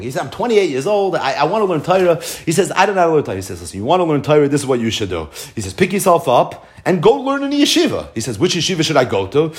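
A man's voice: on the high side, very fast, few pauses. A man giving a Talmud class, telling stories with animation, acting out the dialogue, often repeating and restarting phrases. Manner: animated storytelling, acts out dialogue. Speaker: Torah teacher.

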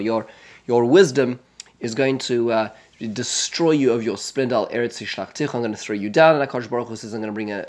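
A man teaching a text study lesson, reading verses aloud and translating them, halting and often repeating and restarting his words. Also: mid-range voice. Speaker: religious teacher.

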